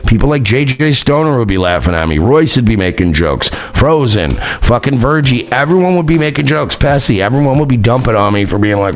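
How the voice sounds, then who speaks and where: A man's voice: mid-range voice, very animated, a little fast, hardly any pauses. Man on a sarcastic, swearing rant. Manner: sarcastic, taunting, swings between shouting and muttering. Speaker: online show host. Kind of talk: profane mocking rant.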